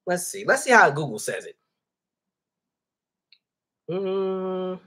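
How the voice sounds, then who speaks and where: Taking it slowly, a man with a high, sharp voice and big pitch swings talks casually with his livestream audience. He's reading chat and calls his viewers y'all in a conversational way.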